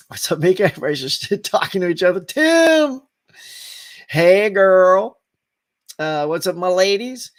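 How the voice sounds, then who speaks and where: Chatty high-voiced male stream host. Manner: upbeat, laughing, greets viewers by name. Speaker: host of a live stream show. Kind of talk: casual live stream chat reading comments.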